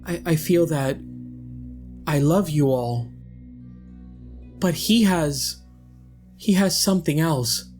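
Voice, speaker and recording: A troubled teenage boy, torn and halting, played by a man. He stumbles over his words, slowly and with feeling, over faint music. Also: on the high side, darkish tone, pitched above the performer's own voice. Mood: earnest. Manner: hesitant, halting.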